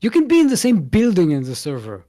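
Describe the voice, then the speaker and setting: A man's voice: sits high, huge pitch swings, quick pace, warm tone. Playful man casting a live match. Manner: playful, laughs often, jokes between play calls. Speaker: esports caster. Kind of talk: casual live game commentary.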